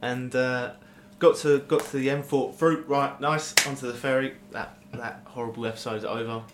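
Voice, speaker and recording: A man's voice: mid-range voice, fairly even intonation, normal speed. A man chatting casually as a podcast co-host, telling a long, rambling, sweary story with laughs. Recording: echoey room with faint noise.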